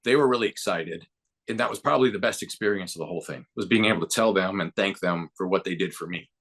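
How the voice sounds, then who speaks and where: A man in his fifties, a baseball broadcaster and former player, tells stories as a podcast guest, acting out quotes with growing excitement. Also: low voice, fast talker. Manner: lively anecdote-telling with voiced quotes and rising excitement. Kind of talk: casual storytelling interview.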